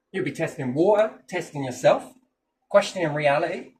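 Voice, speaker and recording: Animated, profane podcast talker. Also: mid-range voice, moderate pace, long pauses. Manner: animated, profane, jumps into funny voices. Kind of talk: casual chat. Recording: distant mic, faint background noise.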